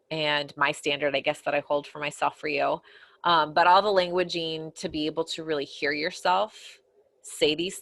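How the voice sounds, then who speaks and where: A middle-aged woman teaching a parenting course, earnest and conversational, often dropping to a soft, quiet voice. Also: sits low, creaky, dry recording. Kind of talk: recorded course lesson. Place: home office corner.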